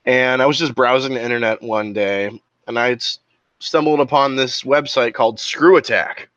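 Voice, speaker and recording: A young man co-hosting a podcast in casual chat, tossing in quick asides and laughing loudly. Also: medium pitch, fairly even intonation, dry recording, lo-fi sound. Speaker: podcast co-host.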